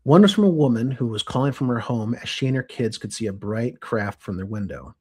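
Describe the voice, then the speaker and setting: A young man co-hosting a podcast, walking listeners through a story from his notes. He talks casually and animatedly, restarting and correcting himself as he goes, in a voice of middle pitch. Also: expressive, fairly quick, a little mellow, slightly rough. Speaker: podcast co-host.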